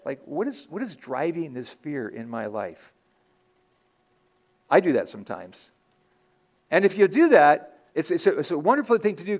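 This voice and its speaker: A man's voice: a little high, darkish tone. A man preaching a sermon in a church as pastor, earnest and conversational, often restarting his sentences.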